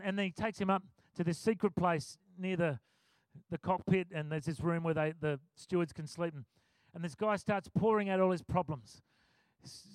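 A man preaching a sermon, telling a story with animated acted-out quotes. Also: high voice, dry recording. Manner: animated, acts out quotes, chuckles often.

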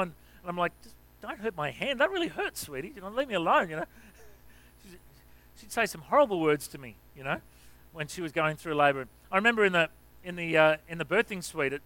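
An Australian man preaching a sermon, conversational with many restarts and asides, then climbing to loud emphatic exclamations. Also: on the high side, clear, resonant tone, dry recording, poor audio. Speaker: pastor.

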